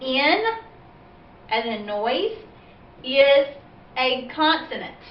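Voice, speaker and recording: A female teacher leads a phonics lesson for parents and kids, explaining slowly and patiently and posing questions along the way. Her voice sits high with lively intonation, and the recording is echoey, dull and distant from the mic, with slight background noise.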